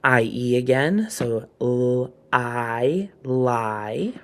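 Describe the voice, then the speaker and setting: Guy teacher doing phonics, super slow, sounds out every letter, bit of gravel in his voice. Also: mid-range voice, steady tone. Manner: slow, deliberate sounding-out of words. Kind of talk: phonics lesson.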